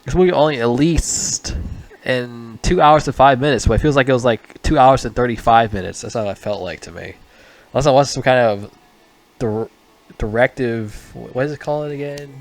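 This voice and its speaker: A man's voice: medium pitch, brisk, dry recording. A man giving a casual spoken movie review, rambling, swearing often and stumbling over his words.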